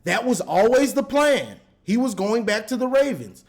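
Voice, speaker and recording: Man, high voice, exasperated fan rant, repetitive, animated. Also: normal speed. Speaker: sports commentator. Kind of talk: ranting fan commentary.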